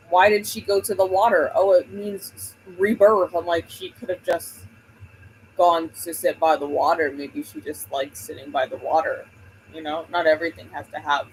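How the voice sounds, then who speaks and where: A woman's voice: on the low side, slight background noise, rough recording. A woman hosting a book livestream, chatting casually and rambling while she greets viewers by name.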